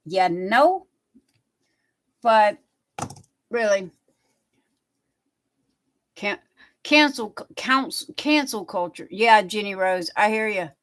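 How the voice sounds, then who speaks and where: A woman's voice: mid-range voice, expressive, slow, pauses often, fairly bright tone. A middle-aged woman hosting a livestream, chatting casually with viewers in a rambling way, reading their comments aloud and saying "you know" over and over. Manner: repeats "you know" a lot. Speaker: livestream host. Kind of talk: casual chat with live viewers.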